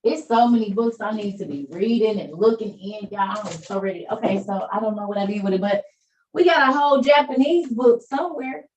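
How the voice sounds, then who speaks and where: A woman's voice: mid-range voice, a little fast, darkish tone, recorded from a distance, highs cut off. A woman hosting an online meeting, chatting casually with listeners and encouraging them about faith. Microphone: video call.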